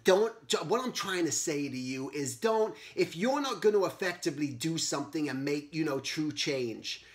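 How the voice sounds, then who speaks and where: A man's voice: a little high, lively intonation, normal speed. Earnest middle-aged man musing aloud. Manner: earnest, rambling, asks many pointed questions. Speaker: host. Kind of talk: casual monologue.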